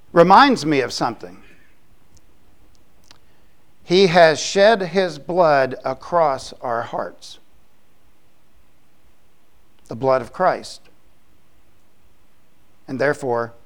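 A man preaching as a pastor, explaining scripture in a conversational way with quick asides. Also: on the high side, lively intonation. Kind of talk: sermon.

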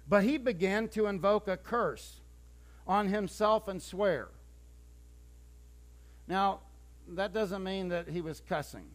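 Preaching with a high-pitched voice, this man speaks slowly and pauses often. His storytelling is lively and conversational, he acts out scenes, and he stumbles and restarts a few times.

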